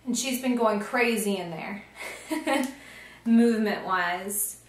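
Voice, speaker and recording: Here the woman's voice is medium in pitch and slow, with a roomy sound and a little hiss or hum. She's a pregnant vlogger chatting casually into a handheld camcorder in a small nursery at home, adding ums and soft laughs.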